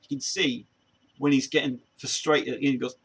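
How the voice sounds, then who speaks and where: A man's voice: medium pitch, steady tone, moderate pace, fairly bright tone, breathy edge. A man hosting a casual chat show, rambling with many restarts and laughing often. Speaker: show host.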